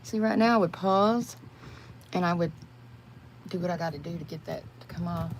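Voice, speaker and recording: A woman's voice: lowish voice, normal speed, long pauses. An older woman, chatting casually with viewers on a livestream while she does her makeup, rambling and calling them y'all. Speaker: livestream host. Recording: noisy home livestream.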